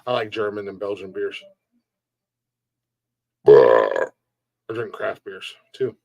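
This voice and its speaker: A man's voice: on the low side, very animated, slow pace, vocal fry, mellow, no room sound, highs cut off. A man hosting a casual live-stream podcast, ranting bluntly and jokingly with plenty of swearing and frequent laughter. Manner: blunt, profane, joking rants; laughs often between remarks. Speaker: podcast host reading chat.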